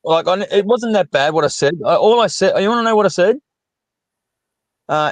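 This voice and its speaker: Stream host guy, cussing, trips over his words, kinda high voice, dry close mic. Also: expressive, no room sound. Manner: halting, profane, restarts a lot. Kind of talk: crude casual stream chat.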